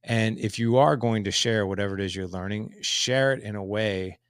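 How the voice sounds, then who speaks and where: A man in his forties with a deep voice and a gravelly edge, talking as a podcast guest. He tells stories and puts on the voices of the people he quotes. The sound is dry and close. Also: moderate pace, no echo. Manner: animated storyteller who acts out quotes. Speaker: podcast guest, dad coach. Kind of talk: conversational interview answers.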